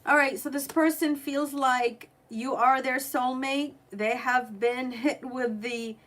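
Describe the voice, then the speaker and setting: Slow-talking effusive woman tarot reader. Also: high voice, fairly even intonation, a bit bright. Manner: effusive, chatty, emotional. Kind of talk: live-streamed tarot reading.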